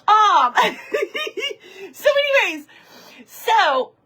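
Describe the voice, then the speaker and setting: A high-pitched, bright-toned woman chats casually on a live stream. She tells an animated story and keeps breaking off to greet viewers by name, full of y'alls. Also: drawn-out words, rough recording. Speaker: livestream host. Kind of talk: casual storytelling while reading live comments.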